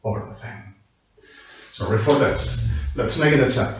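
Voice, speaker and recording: A man's voice: medium pitch, a little slow. A man in a rambling monologue, switching languages and apologizing again and again. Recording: echoey, distant, dull lo-fi.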